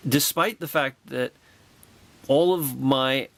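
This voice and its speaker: A man vlogging a personal anecdote with excitable, wry storytelling and a sarcastic edge. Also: mid-range voice, slow, gravelly.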